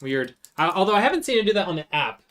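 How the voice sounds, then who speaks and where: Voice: medium pitch, big pitch swings, fast talker, fairly bright tone. A live streamer chatting casually with viewers while working, answering chat as they go.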